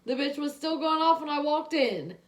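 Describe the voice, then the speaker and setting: A woman's voice: sits high, lively intonation, normal speed. A tired woman chatting casually and laughing as she tells stories about her day. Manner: loose, laughing storyteller. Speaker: co-host. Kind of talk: casual chat.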